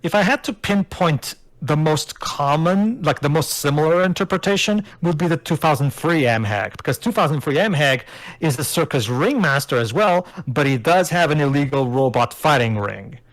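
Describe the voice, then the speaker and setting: A man's voice: on the high side, lively intonation, normal speed, no echo. A man giving casual movie commentary, explaining background lore to friends.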